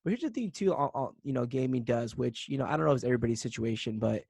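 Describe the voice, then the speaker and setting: A man co-hosts a casual podcast, his talk loose and halting, full of fillers. His voice has a strong gravelly fry. The recording is dry and close. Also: medium pitch, expressive, a little mellow, no room sound. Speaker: podcast co-host. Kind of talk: casual chat.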